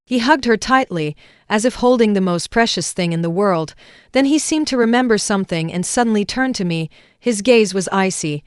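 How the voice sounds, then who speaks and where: A woman narrating a first-person drama story in a calm, even way. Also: mid-range voice, normal speed, dry recording, clean studio sound.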